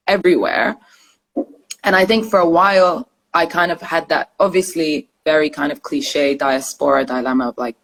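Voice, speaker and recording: Lively woman, mixed British-American accent. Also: deep voice. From Sudan and Britain. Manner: animated, fast-shifting, code-switching storyteller. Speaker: guest journalist. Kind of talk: casual interview chat.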